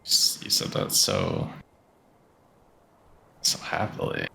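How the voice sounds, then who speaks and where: A man's voice: extremely low pitch, big pitch swings, slow, creaky, sharp tone. A man chatting casually at a tabletop game, joking and teasing the table. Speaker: player.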